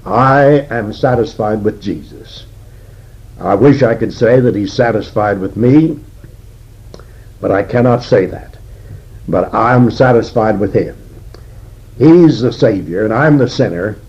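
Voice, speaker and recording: Older male Bible teacher, husky and unhurried, deliberate sermon delivery on a dull lo-fi recording. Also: lowish voice, a little mellow. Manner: slow and deliberate, with frequent "uh" pauses. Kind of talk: expository sermon.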